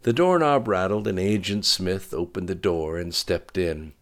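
Deep-voiced guy reading a story aloud, steady pace. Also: measured pace, hardly any pauses. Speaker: audiobook narrator. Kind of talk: scripted narration.

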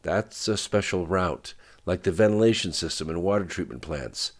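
A man's voice: low voice, normal speed, pitched above the performer's own voice. An audiobook narrator voicing a terse, businesslike security man.

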